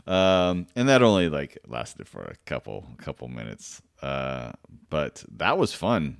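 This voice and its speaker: Deep-voiced man rambling with fillers. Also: sing-song, unhurried, creaky, no room sound, clean studio sound. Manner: rambling, self-deprecating, lots of fillers and restarts, swears freely. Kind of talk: casual storytelling monologue.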